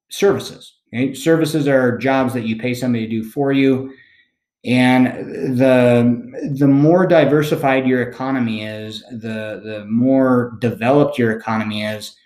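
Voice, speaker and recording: A man teaching a recorded lesson, explaining in a relaxed, conversational way and often checking in with "okay?". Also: medium pitch, reverberant. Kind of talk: recorded classroom lecture.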